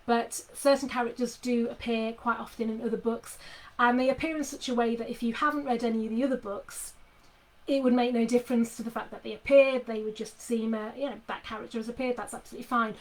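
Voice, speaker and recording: A woman's voice: on the high side, steady tone, fast talker, rough recording. A middle-aged woman author chatting casually with readers from her home office, full of fillers and restarts. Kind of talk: casual live chat with readers.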